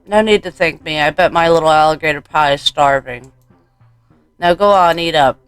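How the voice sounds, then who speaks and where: A man's voice: fairly high pitch, moderate pace, fairly bright tone, clean tone, no echo, soft background music, lightly acted. A man reading the part of a doting, unsettling woman in a horror game, full of sugary pet names. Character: doting, unsettling adult woman, motherly, obsessive.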